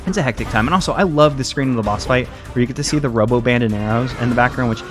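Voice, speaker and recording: A man's voice: medium pitch, rapid-fire, over music. A young man giving casual, rambling, jokey commentary while playing a video game, often correcting himself mid-sentence. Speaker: let's play commentator.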